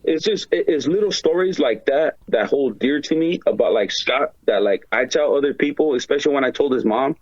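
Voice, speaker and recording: A man's voice: mid-range voice, animated, fairly quick, few pauses, darkish tone, dry recording, dull audio. Rambling, profane man in casual chat. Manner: rambling, profane, heavy with filler words and slang. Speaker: podcast guest.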